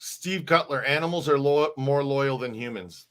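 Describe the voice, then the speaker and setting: A middle-aged man co-hosts a casual live-stream chat at medium pitch and moderate pace. His delivery is rambling, with frequent restarts and repeated words.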